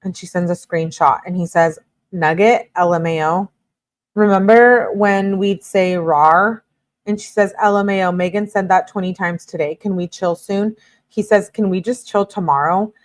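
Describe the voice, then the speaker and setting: A woman's voice: lowish voice, fairly even intonation, normal speed. A woman hosting a true-crime commentary, reading text messages aloud in a plain delivery and breaking off now and then into exasperated asides.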